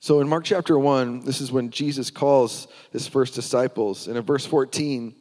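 Man, pastor, earnest sermon storytelling, mid-pitched, long hall echo. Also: moderate pace, darkish tone. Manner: earnest storytelling with frequent restarts.

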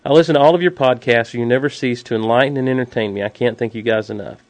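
A man's voice: mid-range voice, fast talker, no room sound. Wry podcast co-host man. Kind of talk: casual podcast chat.

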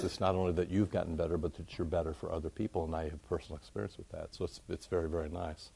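A man giving an informal, conversational sermon to his congregation, jumping up high in pitch to make a point. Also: creaky, husky. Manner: conversational, animated, rises high for emphasis. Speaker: pastor.

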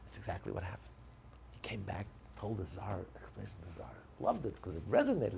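A man teaching through a religious tale, his low voice gravelly and a little husky. His pitch swings widely as he narrates and acts out what the characters say. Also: brisk, a little hiss or hum. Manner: animated, acts out the characters' lines. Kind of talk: storytelling lesson.

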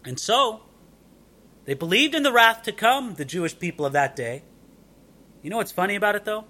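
A man preaching a sermon, animated and conversational, often asking rhetorical questions. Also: sits high, moderate pace. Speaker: pastor.

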